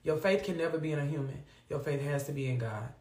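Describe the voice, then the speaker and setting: A woman hosts a live faith talk, speaking in an animated, preachy, down-to-earth way to her viewers. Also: low voice, fast. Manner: animated, preachy Southern-flavored vernacular. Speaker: host of a faith livestream. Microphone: phone or webcam on a live stream. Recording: echoey room.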